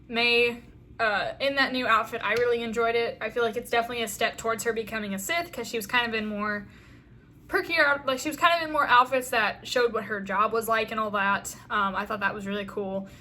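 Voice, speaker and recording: A woman's voice: fairly high pitch, fairly quick, sharp tone, a little hiss or hum. A woman reviewing a TV episode in a casual chat, enthusiastic and rambling, with lots of "um" and "like". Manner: enthusiastic, rambling, heavy use of fillers. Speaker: fan video reviewer.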